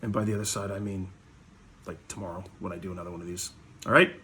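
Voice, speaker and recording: A man's voice: sits low, fairly even intonation, quick pace, pushed and bright, slight background noise. A middle-aged man ranting bluntly in a vlog, swearing constantly. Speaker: hockey card vlogger. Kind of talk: profane ranting monologue.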